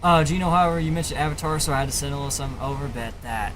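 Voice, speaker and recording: A young man hosting a live music review stream, talking in an excitable, profane, rambling way full of fillers. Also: on the high side, very fast, noisy background. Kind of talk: casual live-stream commentary. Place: home streaming setup, wearing headphones.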